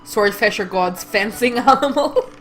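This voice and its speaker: A woman plays through a game on stream, reading the dialogue in a slow, deliberate way and chatting between lines. She laughs easily and sounds stuffed up from a cold. Faint music plays beneath her. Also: fairly high pitch, a bit bright. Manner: giggly, reads lines slowly, breaks into laughter. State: congested. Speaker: let's play streamer.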